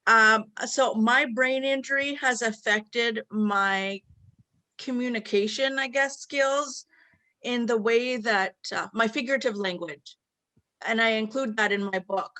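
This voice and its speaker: Bright-voiced woman host, earnest. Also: fairly high pitch, measured pace, no room sound. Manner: earnest, explains at length with quoted examples. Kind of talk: casual conversation.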